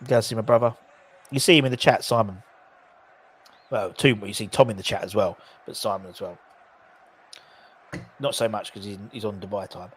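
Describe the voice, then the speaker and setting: Here a man with a lowish, fairly even voice hosts a live watchalong of a football match, speaking at a moderate pace with long pauses. He casually narrates play and banters jokingly with his chat; slight background noise is audible.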